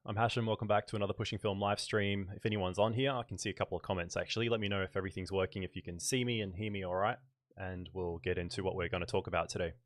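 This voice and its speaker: Low-voiced Australian man chatting on a livestream. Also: very fast, no room sound, clean studio sound. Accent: light Australian. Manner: relaxed and chatty, thinking aloud with fillers. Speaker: photography YouTuber hosting a livestream. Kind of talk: casual livestream chat.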